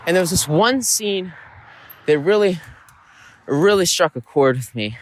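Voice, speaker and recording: A man's voice: sits high, animated, measured pace, no room sound. A man hosting a podcast, retelling a story in a loose, rambling way with lots of fillers and "right?" tag questions. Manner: rambling, with many fillers and "right?" check-ins. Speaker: podcast host. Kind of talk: casual storytelling monologue.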